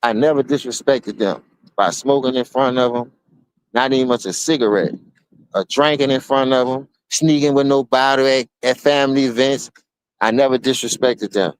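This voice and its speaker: A man with a New Orleans accent streaming an unscripted, profane rant to his listeners. He keeps calling them dog and bro, and he swings between low mutters and sudden high outbursts. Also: normal speed, smooth, dry recording. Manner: repeats words, addresses listener as dog and bro. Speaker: streamer giving a spoken open letter.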